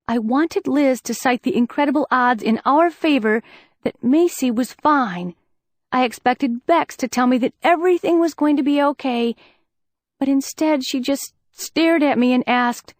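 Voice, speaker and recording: A woman reading a first-person audiobook with a fairly high voice, measured and earnest. The sound is close and dry, recorded on a studio mic with no room echo. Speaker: audiobook narrator.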